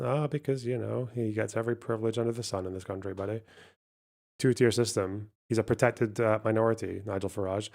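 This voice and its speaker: A man's voice: medium pitch, fairly quick, vocal fry, a little mellow. A man hosting a live stream, reading out donations and thinking aloud over a word puzzle, muttering and swearing as he goes. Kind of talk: casual live stream chat.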